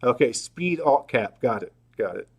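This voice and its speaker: A man's voice: medium pitch, moderate pace, breathy edge. Man thinking aloud on a live Q&A. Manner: relaxed, thinking aloud with many fillers and restarts. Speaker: host. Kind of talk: casual livestream Q&A.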